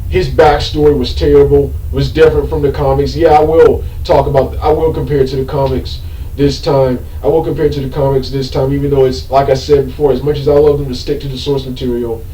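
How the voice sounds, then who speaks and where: A man with a medium-pitched, dark voice rants about a movie without a script, his voice set back from the mic in an echoey room. He rambles, repeats himself, loses his thread, says "um" constantly and breaks into exasperated outbursts.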